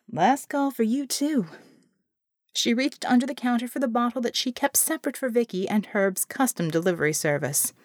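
A woman narrating an audiobook in an expressive storytelling manner. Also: on the high side, fairly quick, no room sound, studio quality. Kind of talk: scripted narration.

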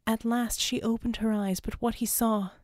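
A woman's voice: on the high side, steady tone, normal speed, dry recording, clean studio sound. Woman reading a tense thriller audiobook. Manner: tense, dramatic reading that shouts and sobs in character. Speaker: audiobook narrator. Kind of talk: scripted narration.

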